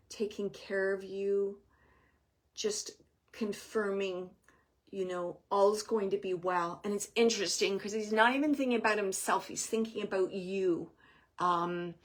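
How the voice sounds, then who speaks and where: Gentle woman giving a card reading. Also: medium pitch. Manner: gentle, reassuring, thinking aloud with many fillers. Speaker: oracle card reader and medium. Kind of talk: intuitive card reading for a viewer.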